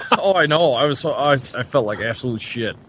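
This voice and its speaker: A man's voice: medium pitch, animated, moderate pace, fairly bright tone, slight background noise. A man in casual podcast chat, swearing freely and laughing often. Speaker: podcast co-host, parent.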